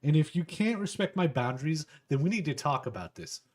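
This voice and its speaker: A man's voice: mid-range voice, animated, normal speed, fairly bright tone, husky. A man voicing a proud, fiery young cat-woman who is haughty and indignant.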